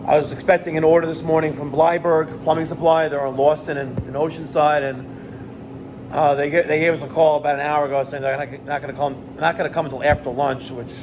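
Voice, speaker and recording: A middle-aged man, a plumbing business owner ranting to the camera in an animated, profane, exasperated way. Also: on the high side, a little fast, noisy background. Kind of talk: rant vlog to camera.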